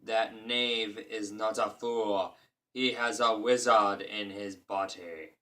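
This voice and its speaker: A man voicing a huge, boastful, dim-witted male giant, speaking loudly and slowly in a booming voice. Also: steady tone. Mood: gruff. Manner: loud, slow, booming.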